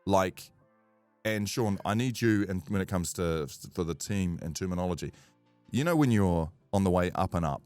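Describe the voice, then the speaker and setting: A man's voice: low voice, normal speed, clean tone, dry recording, soft background music. A man with a New Zealand accent hosting a casual sports podcast and putting the questions to his co-hosts. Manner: lively, asks the questions. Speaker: podcast host.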